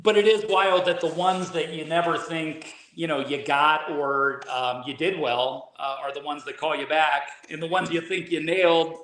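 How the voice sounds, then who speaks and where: A man's voice: on the high side, steady tone, moderate pace, few pauses, a bit bright. A man, a guest actor and drummer, chatting casually in an interview and telling easygoing stories with lots of filler words. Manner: easygoing storyteller, frequent "you know" fillers. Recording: roomy echo.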